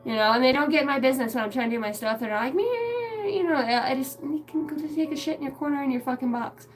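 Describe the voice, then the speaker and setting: A woman's voice: sits high, steady tone, fast, soft background music, low-quality recording. A woman rambling crudely on her live stream, swearing often and laughing as she talks. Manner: crude, giggly, swears a lot. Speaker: livestream host.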